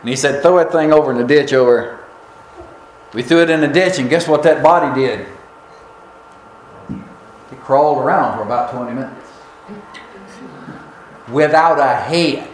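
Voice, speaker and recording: A man preaching a storytelling sermon in a church, folksy and unhurried with drawn-out pauses. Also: medium pitch, roomy sound, rough recording.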